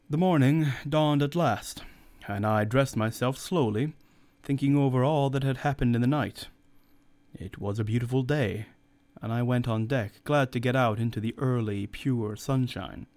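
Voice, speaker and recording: A man reading a story aloud as narrator, steady and measured. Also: medium pitch. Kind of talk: audiobook reading.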